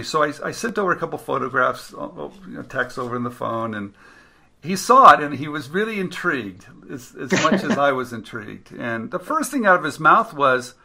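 Male interview host with a fairly high, gravelly, sharp and very bright voice; tells anecdotes and acts out the dialogue. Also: big pitch swings, moderate pace. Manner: storytelling, acts out quoted dialogue. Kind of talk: casual interview chat.

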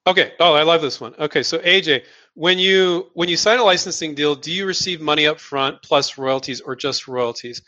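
A man's voice: a little high, normal speed, pushed and bright, lo-fi sound. A man hosting a live question-and-answer session, giving blunt, emphatic advice and repeating words for stress. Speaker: host answering viewer questions.

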